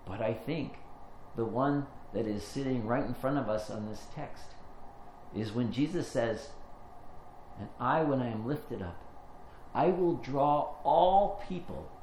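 A man preaching a sermon, telling a personal story in an earnest way, rising when he retells the moment and going low and soft as he reflects. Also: lively intonation, a little slow. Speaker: pastor. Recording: echoey room with faint ambient noise.

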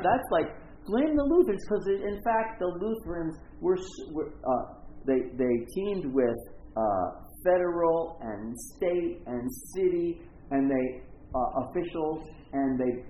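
A man's voice: a little high, animated, measured pace, slight background noise. An older man giving a loose, conversational church talk, often checking in with his listeners. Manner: chatty, keeps checking in with "right?". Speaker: church speaker. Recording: echoey room over a tinny phone-like line.

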